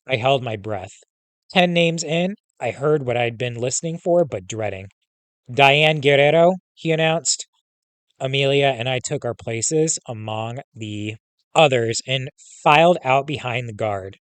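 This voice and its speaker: A man's voice: mid-range voice, lively intonation, unhurried, no room sound. A male teacher reading a first-person memoir aloud, in a plain style with short casual asides now and then.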